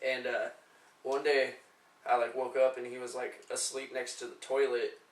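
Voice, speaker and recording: A man's voice: medium pitch, level tone, normal speed. A young man co-hosting a casual podcast, telling rambling, profane stories. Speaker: podcast co-host. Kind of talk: casual chat, storytelling. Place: living room couch. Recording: roomy, distant mic, faint noise.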